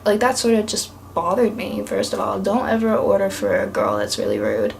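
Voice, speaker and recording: A woman's voice: medium pitch, sing-song, normal speed, creaky, a little hiss or hum. A young woman from East Tennessee telling a rambling, chatty story to camera, peppered with "like". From East Tennessee, USA. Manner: chatty, rambling, heavy use of "like". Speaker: vlogger.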